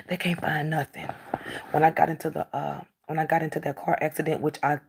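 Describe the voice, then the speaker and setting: A woman's voice: low-pitched, vocal fry, a little mellow. A middle-aged woman talking casually to the camera, emphatic and repeating herself as she acts out bits of dialogue.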